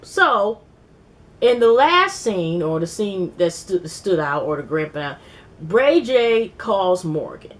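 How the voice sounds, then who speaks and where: A woman casually recapping a reality TV episode, rambling and animated, acting out quotes and swearing freely. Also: lowish voice, slow. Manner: rambling, animated retelling with quoted voices and profanity. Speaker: TV recap vlogger.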